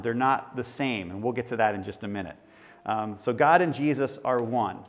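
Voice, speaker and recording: A man in the pulpit, speaking in a mid-range voice, delivers a sermon that teaches scripture in a conversational manner while asking his congregation questions.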